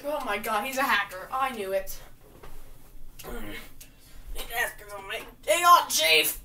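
A woman chatters through a video game in casual, jokey commentary, breaking into sudden loud outbursts. Her voice sits high and swings up and down, with a bright edge. She is picked up by a slightly distant mic over a faint hiss. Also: animated, a little slow, pauses often.

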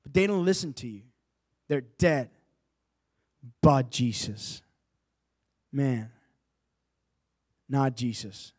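A male preacher delivering a sermon, rising from quiet storytelling to loud, impassioned exhortation. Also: medium pitch, big pitch swings, takes it slowly, long pauses, slightly rough.

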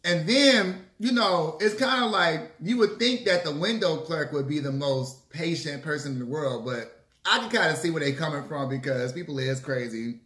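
A man telling a story casually to his viewers, lively and swearing freely. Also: a little high, moderate pace. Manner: animated, acts out quotes, swears freely. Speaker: mukbang vlogger. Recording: echoey room.

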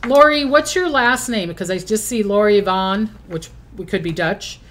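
A woman's voice: mid-range voice, moderate pace, a bit bright. A middle-aged woman hosting a casual livestream, chatting and thanking donors by name. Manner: chatty, reads out donor names. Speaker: host. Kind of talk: casual livestream fundraising chat.

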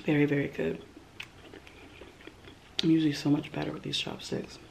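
A woman's voice: low-pitched, little pitch movement, moderate pace, creaky, darkish tone, a little hiss or hum. A woman hosting a mukbang eating vlog, murmuring "mmm" between bites and gushing over the food in a shy, casual way. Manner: self-described shy. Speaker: mukbang host.

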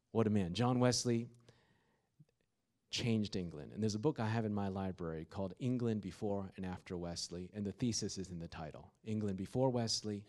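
A man preaching with a low-pitched voice. He tells his stories plainly and then builds to emphatic, fervent declarations. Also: a little mellow. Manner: storytelling, rising to emphatic fervor. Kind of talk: sermon with opening prayer. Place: university chapel or hall.

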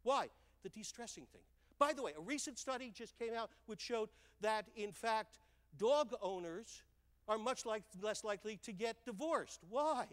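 An older man giving a stage talk, telling lively stories and checking in with the audience with "right?" and "okay?". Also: high voice, moderate pace, big-room sound. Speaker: speaker. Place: large hall on stage.

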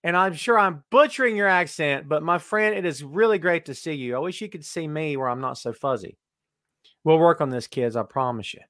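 A man's voice: on the high side, fairly quick, fairly bright tone, no echo, clean studio sound. A middle-aged man hosting a live-streamed wrestling podcast, joking and teasing as he greets viewers by name. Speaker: podcast host. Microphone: webcam live stream.

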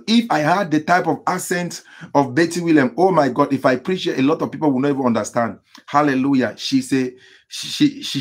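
Husky guy preaching on a livestream, fairly high voice, lots of exclamations and name shout-outs. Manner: exclamatory, greets viewers by name, repeats phrases. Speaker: pastor. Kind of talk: live-stream sermon and prayer.

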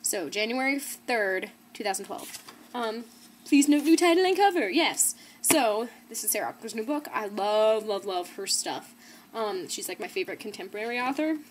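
A woman's voice: on the high side, animated, normal speed, slight background noise. A young woman in her teens hosting a casual book haul vlog, bubbly and gushing, with giggles and fillers. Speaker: book vlogger. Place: indoor room, not her usual one.

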